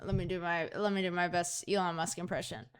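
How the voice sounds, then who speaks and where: A young woman co-hosting a casual podcast chat, rambling and halting with lots of fillers and restarts. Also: lowish voice, little pitch movement, over a noisy crowd. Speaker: podcast co-host.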